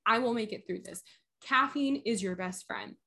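A woman's voice: medium pitch, normal speed, creaky, bright, forceful tone. A young woman chatting on a podcast, a little tipsy, rambling through a story and laughing often. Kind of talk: casual chat.

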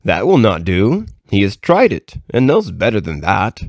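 A man's voice: on the low side, huge pitch swings, normal speed, no room sound, clean studio sound, exaggerated voice. A man voicing Satan, a scheming male devil chief who scoffs at his servants' plans. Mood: dismissive.

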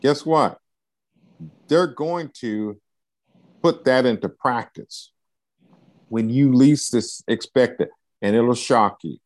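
A man's voice: medium pitch, slow, long pauses, a little mellow, no echo. A man coaching a client, encouraging and preacher-like, often checking in with "right?". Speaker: life coach. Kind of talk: coaching session interview.

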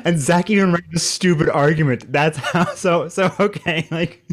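A man's voice: a little high, a little slow. A man co-hosting a casual podcast, telling things in a loose, rambling way and laughing often. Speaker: podcast co-host. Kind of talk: casual chat.

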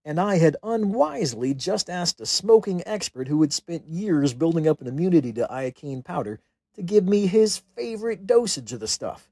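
A man's voice: fairly high pitch, a little mellow, no echo. An American man, a chaplain and author, narrating his own humorous memoir in a wry, self-deprecating way. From United States.

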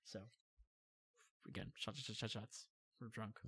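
A man's voice: on the low side, a little slow, breathy edge, no echo. A young man casually telling a long travel story, rambling with many fillers and acting out quotes. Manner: rambling, filler-heavy, animated retelling. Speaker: guest storyteller.

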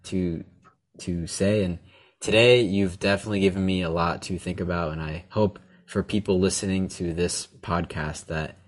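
A man's voice: deep voice, fairly even intonation, moderate pace. A male podcast host who speaks reflectively and with enthusiasm to his guest. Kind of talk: casual interview conversation.

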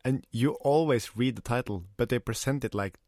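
A man's voice: mid-range voice, normal speed, a little mellow, no room sound, studio quality. A man with a Texas accent co-hosting a podcast, laid-back and crude in casual banter. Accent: Texan. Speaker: podcast co-host.

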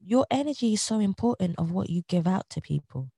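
A woman speaks as an interview guest in an earnest, motivational way, circling back to the same phrases. Her voice is dark and mellow with a gravelly edge. The sound is close and dry, with no room around it. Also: medium pitch, animated, fairly quick, no echo. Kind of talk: reflective interview talk.

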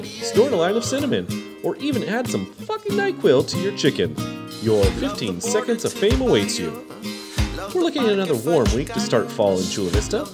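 A hammy local weatherman, put on by a man, reading a comic weather report in a swooping sing-song voice. His pitch leaps wildly from line to line. Loud plucked guitar music plays underneath him. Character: goofy male local weatherman El Cuñado. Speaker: comedic weather report segment.

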